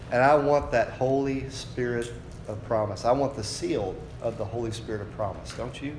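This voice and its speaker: A man from the United States preaches a sermon in a mid-range voice, with a little hiss or hum in the background. He explains scripture in a conversational teaching style, asking his listeners questions, then builds to raised, fervent preaching. The recording is in an echoey room with faint ambience.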